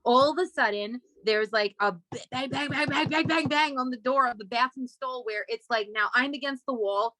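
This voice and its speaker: On a casual podcast, a young woman guest who writes comedy tells an outrageous story at a moderate pace with hardly any pauses. She's animated, curses freely, and gets high and loud when quoting others, with no echo on the recording.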